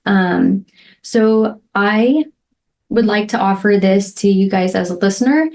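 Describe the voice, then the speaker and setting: A woman's voice: mid-range voice, measured pace, a little mellow. Heartfelt woman podcast host. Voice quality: emotional, near tears at moments. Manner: heartfelt, frequent "right?" and "um" fillers. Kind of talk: reflective solo podcast talk.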